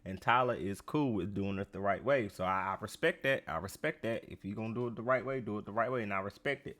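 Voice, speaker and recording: Man, podcast host, bright tense voice, casual profane commentary, animated. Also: lowish voice, fast. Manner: profane, animated, riffing to listeners. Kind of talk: casual reality-show commentary.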